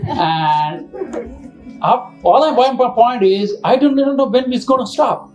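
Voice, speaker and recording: A man's voice: very high voice, lively intonation, measured pace, low-quality recording. Middle-aged man, father-of-the-bride toast, rambling and joking, light music under it. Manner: rambling, joking, self-correcting, with asides to the audience. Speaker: father of the bride giving a speech. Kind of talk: informal speech at an engagement party.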